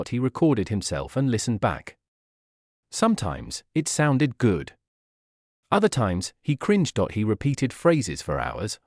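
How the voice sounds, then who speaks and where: Man, graded-reader narrator, clear measured delivery, lively intonation. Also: mid-range voice, dry recording, studio quality. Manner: clear, measured reading for learners. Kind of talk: scripted storybook narration.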